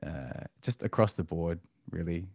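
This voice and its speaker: A man's voice: low-pitched, measured pace, vocal fry, darkish tone, dry recording, clean studio sound. A man, talking about family life as a podcast guest in a reflective, hesitant way full of ums. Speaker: podcast guest, musician and homeschooling parent. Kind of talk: casual interview talk.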